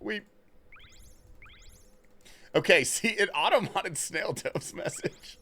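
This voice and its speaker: A man's voice: sits high, slow pace, sharp tone. A young man chatting casually and profanely on a gaming livestream, answering his chat. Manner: laid-back, slangy and profane, reading and answering chat.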